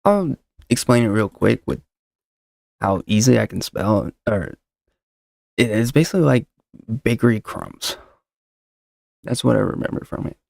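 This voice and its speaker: Fairly low-pitched and darkish, this man's voice is animated yet a little slow, with vocal fry and long pauses. Hosting his own casual solo podcast, he rambles, jokes and talks over himself into a desk mic with a noise suppressor. The recording is dry and cleanly studio-like.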